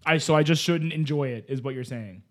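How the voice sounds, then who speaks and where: A man co-hosting an internet chat show, teasing in a casual, deadpan way. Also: fairly high pitch, fairly quick. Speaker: podcast co-host. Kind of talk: casual banter.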